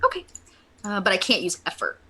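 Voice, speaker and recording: A woman playing a tabletop game who chats casually and hesitates often, filling her pauses with ums and uhs. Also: mid-range voice, wildly swooping pitch, pushed and bright, slight background noise. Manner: chatty, hesitant, with many fillers. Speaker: player.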